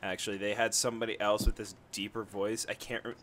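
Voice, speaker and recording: A man's voice: lowish voice, little pitch movement, fast, fairly bright tone, slight background noise. A man co-hosting a casual gaming podcast, chatty and joking. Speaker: podcast co-host.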